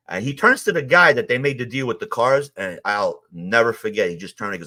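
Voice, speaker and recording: New guy telling stories, bright voice, does all the quotes himself. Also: lowish voice, quick pace, few pauses. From Queens, New York. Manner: animated, acts out quotes, swears. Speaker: guest, former mob associate. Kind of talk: casual storytelling interview.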